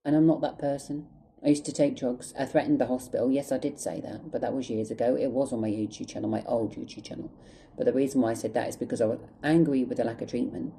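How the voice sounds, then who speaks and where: Sex: man. Style: storytime vlog. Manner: angry, swearing, on the verge of tears. Tone: very dark and mellow, faint background noise. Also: mid-range voice, steady tone, quick pace, vocal fry, poor audio. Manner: angry, emotional, heavy swearing. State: close to tears. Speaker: vlogger.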